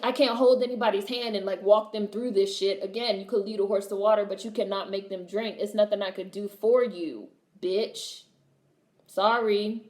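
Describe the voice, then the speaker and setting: A woman's voice: medium pitch, darkish tone. Blunt, sassy young woman streaming in an echoey room. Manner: blunt, sassy, swears freely, repeats punchlines. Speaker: livestream host reading chat. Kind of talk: casual livestream chat.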